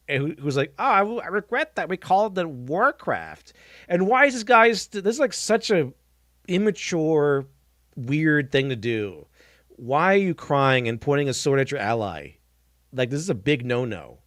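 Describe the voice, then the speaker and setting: A man's voice: medium pitch, dry recording, clean studio sound. A man giving casual live-stream reaction commentary, blunt and mocking, scoffing at what he watches and restarting sentences as he goes.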